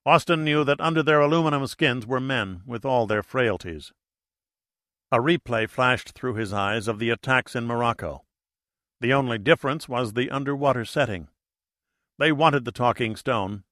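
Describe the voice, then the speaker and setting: Guy reading an audiobook, bright voice, dry sound, steady and dramatic. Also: mid-range voice, no room sound. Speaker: audiobook narrator. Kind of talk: scripted narration.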